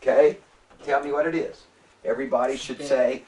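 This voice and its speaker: A man's voice: medium pitch, a little fast, darkish tone, recorded from a distance. A man lecturing a classroom as a Hebrew instructor, patient and repetitive, often prompting the students to answer.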